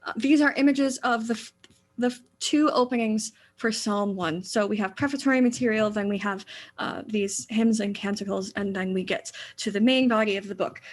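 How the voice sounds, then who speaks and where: Animated woman giving a church lecture. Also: on the high side. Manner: animated and explanatory, with frequent fillers and restarts. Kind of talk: illustrated lecture with slides.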